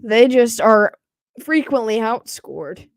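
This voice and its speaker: A woman co-hosting a live game reaction stream, calling plays with excitement and laughing often. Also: a little high, slow pace, no room sound. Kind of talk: live play-by-play and casual reaction.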